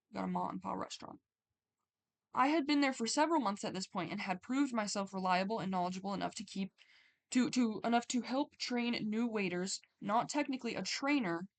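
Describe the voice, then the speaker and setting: Young woman, casual streamer, reads a story then chats about it, loose and talkative. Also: medium pitch. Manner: chatty, reads aloud then breaks off to comment. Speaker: streamer reading stories aloud. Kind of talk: casual stream reading with commentary.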